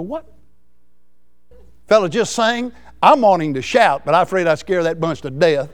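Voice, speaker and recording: High-voiced excitable preacher. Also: male voice. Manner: excitable, folksy, laughs between lines. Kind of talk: sermon.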